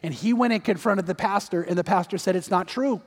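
A male pastor delivering a sermon, telling a story that swings from loud urging to hushed tones. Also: sits high, fairly quick. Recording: long reverb of a large hall.

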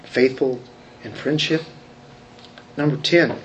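A man's voice: mid-range voice, slow pace, a bit bright, slight background noise. A man preaching a sermon, talking conversationally and asking the congregation questions. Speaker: pastor.

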